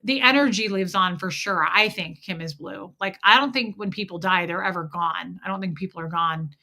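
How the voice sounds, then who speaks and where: Bright-voiced woman host chatting on stream. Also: fairly low pitch, moderate pace. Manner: chatty storytelling, frequent "like" fillers. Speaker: livestream host. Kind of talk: casual livestream chat, reading viewer comments.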